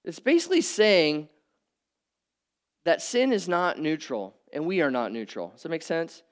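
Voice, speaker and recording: A middle-aged man preaching a conversational sermon, swinging from emphatic peaks to quiet asides. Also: fairly high pitch, big pitch swings, moderate pace, smooth. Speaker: pastor. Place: church hall with audience.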